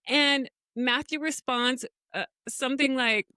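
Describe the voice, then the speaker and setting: Speaking high-pitched and slowly, with hardly any pauses, a middle-aged woman co-hosts a podcast in clean studio sound with no room sound. She tells stories with animation in a casual chat and laughs often.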